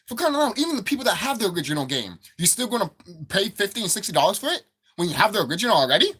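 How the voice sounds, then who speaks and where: A man ranting hotly about games, his voice husky and a little rough. His pitch swings widely as he goes off, jumping up in outrage and dropping low in disgust. The delivery is profane and repetitive, like a solo rant to camera. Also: big pitch swings, racing, a bit bright. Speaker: gaming commentator. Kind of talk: angry gaming rant.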